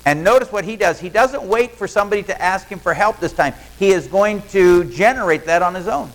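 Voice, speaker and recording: A male pastor with a high-sitting, expressive voice preaches a sermon in a folksy storytelling style, talking fairly quickly and acting out the lines of people in his story. The recording is rough.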